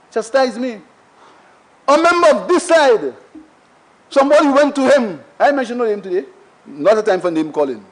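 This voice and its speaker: A man's voice: very high voice, poor audio. A Saint Lucian man, a member of parliament, giving an emphatic, repetitive debate speech in a parliament chamber while he keeps addressing the Speaker.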